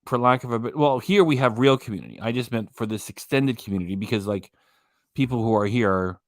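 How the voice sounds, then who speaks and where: A man's voice: medium pitch, fast talker, no room sound, studio quality. A man hosting a reaction channel, giving rambling, mocking casual commentary on a clip. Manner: mocking, rambling, loses his train of thought.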